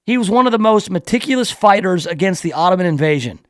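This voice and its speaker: A man's voice: high voice, lively intonation, fast, fairly bright tone, no room sound. A male radio talk show host reading a news story aloud in a playful, riffing way, drawing out words for emphasis in his studio.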